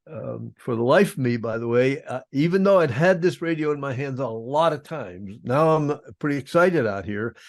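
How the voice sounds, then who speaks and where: An older man, a former prisoner of war, recounts his experiences as an interview guest. His voice has a gravelly edge at a middle pitch, and the recording is dry and close. He talks plainly, with a wry, self-deprecating humor. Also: no echo. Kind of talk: storytelling in an interview.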